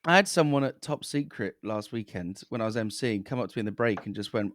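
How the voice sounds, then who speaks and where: A man, a comedian and compere, teasing and telling quick stories on a podcast. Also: fairly low pitch, fairly bright tone, no room sound, clean studio sound. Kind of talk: quick casual storytelling.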